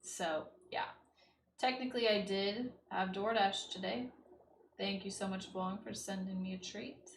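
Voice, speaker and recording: A woman's voice: mid-range voice, steady tone, measured pace, creaky, a little hiss or hum. A young woman streaming while she paints, chatting loosely with lots of "like" and "you know.". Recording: echoey room with faint ambience.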